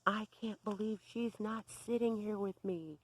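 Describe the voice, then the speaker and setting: A woman's voice: mid-range voice, steady tone, measured pace, pitched above the performer's own voice, close to an everyday voice. A woman putting on the voice of a raging, screaming middle-aged churchgoing woman. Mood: shrieking. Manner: screaming, demanding.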